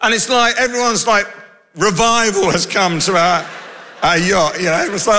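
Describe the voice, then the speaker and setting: Male preacher, self-mocking and animated, bright voice, echoing hall. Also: sits high, slow, pauses often, a little hiss or hum. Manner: animated, self-mocking, laughs through stories. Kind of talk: humorous sermon storytelling. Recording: large hall with long reverb.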